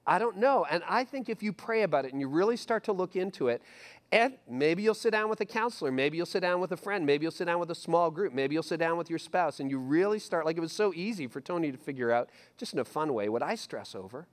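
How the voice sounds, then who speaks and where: Lively middle-aged male pastor preaching. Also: on the high side, fast. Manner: animated, acts out listeners' inner voices, repeats phrases. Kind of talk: sermon.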